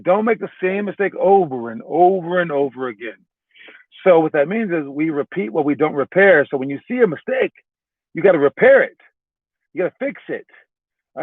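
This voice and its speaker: A man's voice: on the high side, no room sound. A man who coaches basketball, giving a casual, loose spoken lesson from his car, often checking in with "all right?" and joking at his own expense. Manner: self-mocking. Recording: tinny phone-like, dry.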